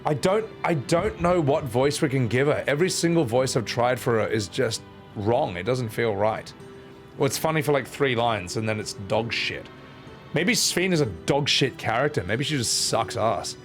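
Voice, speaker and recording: A man's voice: medium pitch, lively intonation, moderate pace, faint music behind. A man with an Australian accent giving let's-play commentary, self-mocking and profane. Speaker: streamer.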